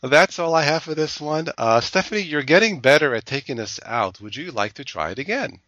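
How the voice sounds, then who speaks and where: A man's voice: fairly high pitch, animated, fairly quick, sharp tone, no echo. A man hosting a casual news chat show in a playful way, laughing at his own jokes, on a dull lo-fi recording. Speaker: show host.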